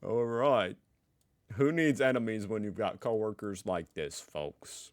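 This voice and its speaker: Joking low-voiced American man. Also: expressive, unhurried. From United States. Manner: joking, sarcastic asides. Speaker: reaction video host. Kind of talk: casual reaction commentary.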